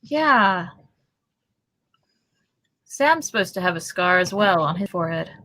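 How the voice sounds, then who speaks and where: A woman co-host chimes in with slow, joking asides, a little away from the microphone. Her voice is dry, with no echo. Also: on the low side, lively intonation, sharp tone. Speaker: podcast co-host. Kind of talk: casual chat.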